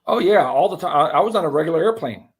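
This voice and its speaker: A man telling his own story as an interview guest, animated and profane, with many restarts. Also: fairly high pitch, fast.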